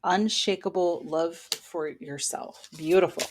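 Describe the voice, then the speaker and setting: A woman's voice: lowish voice, measured pace, noisy background. Encouraging woman giving a tarot reading. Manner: encouraging, motivational. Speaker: tarot reader and spiritual coach. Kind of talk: casual weekly tarot reading. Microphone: own microphone.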